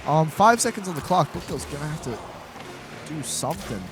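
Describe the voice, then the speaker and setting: A man giving live esports play-by-play from a college studio set, excitable and tripping over his words. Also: on the high side, a little fast, music in the background. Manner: excitable, stumbles and repeats words. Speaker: esports caster. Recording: steady background noise.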